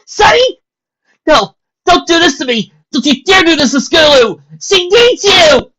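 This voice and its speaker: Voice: mid-range voice, big pitch swings, a little fast, voice pushed up. A reader doing a brash tomboyish pegasus mare. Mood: anguished. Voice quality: brash, forceful. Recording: dull lo-fi recording.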